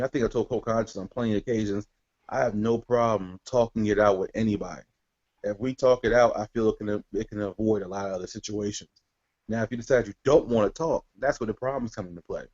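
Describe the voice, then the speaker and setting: A man co-hosting a talk show, giving blunt opinions in a measured, hesitant way with many fillers. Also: fairly low pitch, darkish tone. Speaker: podcast co-host. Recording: dull lo-fi audio.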